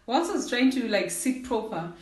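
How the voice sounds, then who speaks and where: Telling a relaxed storytime to her audience, this young woman from Zimbabwe performs the characters' voices and keeps saying "guys." She's very animated, with a higher, darkish voice at normal speed, recorded from a distance in an echoey room.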